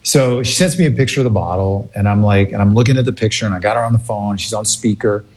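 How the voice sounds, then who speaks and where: A middle-aged man casually telling a long, rambling, animated anecdote, laughing now and then. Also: lowish voice, fast talker. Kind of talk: casual chat.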